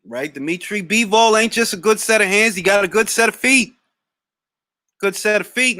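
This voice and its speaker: A man hosting a live boxing Q&A, answering chat comments in a blunt, slangy, animated way. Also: sits high, normal speed, no echo. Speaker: boxing talk show host.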